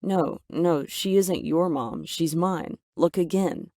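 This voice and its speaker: A woman voicing a gentle, affectionate young man in a storybook tale, speaking earnestly. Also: on the low side, slow, dry recording, clean studio sound.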